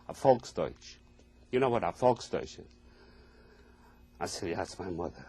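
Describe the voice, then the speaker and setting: An elderly man in his eighties from Poland, speaking English, giving oral history testimony in a halting, earnest way with plain phrasing. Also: sits low, expressive, a little mellow, breathy edge. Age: older, 80s. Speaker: Holocaust survivor giving testimony.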